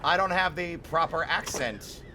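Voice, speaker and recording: Game music and background noise sit behind this man's somewhat high, lively voice as he talks at a measured pace. He's livestreaming a driving game, chatting casually with his audience and cursing and joking without restraint.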